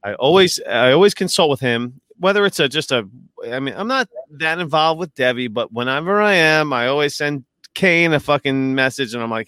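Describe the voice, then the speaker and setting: A man chatting casually as a podcast host, telling a story in an excitable, profane way and often trailing off mid-sentence. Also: mid-range voice, a little fast, smooth, no room sound. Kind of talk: casual chat. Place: at home.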